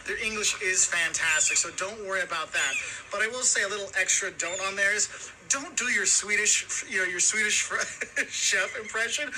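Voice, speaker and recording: A man's voice: high voice, moderate pace, bright, forceful tone, a little hiss or hum, low-quality recording. A man presenting travel tips in a chatty, upbeat way, laughing easily as he goes.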